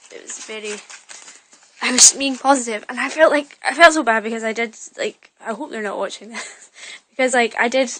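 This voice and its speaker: A woman's voice: fairly high pitch, normal speed, fairly bright tone, rough recording. A young woman telling a rambling story in a casual vlog, full of fillers and restarts, recorded on a phone in her bedroom. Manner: chatty, rambling, lots of fillers and self-corrections. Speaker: vlogger. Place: bedroom at home.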